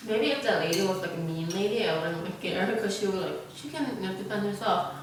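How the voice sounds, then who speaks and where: A woman's voice: mid-range voice, fast, recorded from a distance. A young woman vlogger telling a casual story while eating, rambling with lots of "like" and "you know" fillers. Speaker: mukbang vlogger. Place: large, sparsely furnished new apartment room. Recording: very echoey room, voice off-mic, faint hiss.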